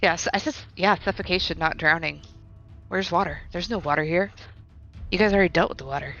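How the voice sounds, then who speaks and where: A woman running a tabletop game as dungeon master, chatting and recapping with quick self-deprecating asides. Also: on the low side, fairly bright tone. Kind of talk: casual game-master chat and narration. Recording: dull lo-fi audio with faint music.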